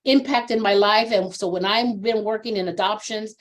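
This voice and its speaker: A woman in her sixties, a social worker being interviewed, who tells stories animatedly and earnestly, sometimes acting out what people said. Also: normal speed. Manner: animated storyteller who acts out quoted voices with big pitch jumps; earnest and reflective on personal topics. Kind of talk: conversational interview, storytelling.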